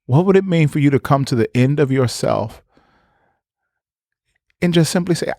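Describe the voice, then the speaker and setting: A man's voice: a little high, lively intonation, normal speed, long pauses, warm tone, no echo. Emphatic preaching man, dry close sound. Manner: emphatic, repetitive, preacherly with conversational asides. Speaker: pastor. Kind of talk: podcast sermon.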